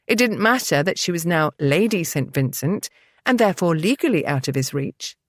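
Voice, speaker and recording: A woman narrating a historical romance novel in a steady, dramatic storytelling manner. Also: on the low side, moderate pace, dry recording, clean studio sound. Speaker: audiobook narrator. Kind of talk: scripted narration.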